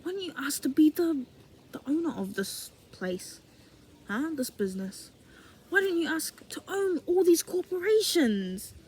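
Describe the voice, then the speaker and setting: A woman's voice: sits high, sing-song, measured pace, a little mellow, rough recording. A young woman voicing a generous, coaxing male God figure in a casual, encouraging way.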